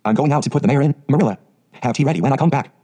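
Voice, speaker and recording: Quiet, shy older farmer, read by a man. Hasty, halting, fast pace. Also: mid-range voice, lightly acted.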